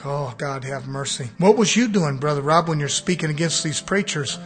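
A male pastor preaching a fiery sermon, dropping to low murmurs and rising to shouts. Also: normal speed, soft background music.

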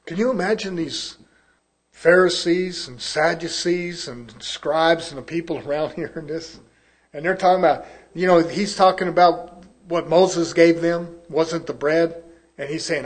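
A man preaching a sermon, reading scripture slowly and loudly, then dropping to quiet asides with chuckles. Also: on the high side. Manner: reads scripture in slow, drawn-out emphasis.

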